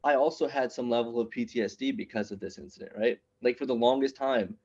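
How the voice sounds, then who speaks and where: Animated male stand-up comic, muffled recording. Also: medium pitch. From immigrant raised in New York City. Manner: animated, punchy, quick asides to the crowd. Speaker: stand-up comedian at open mic. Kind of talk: stand-up comedy storytelling.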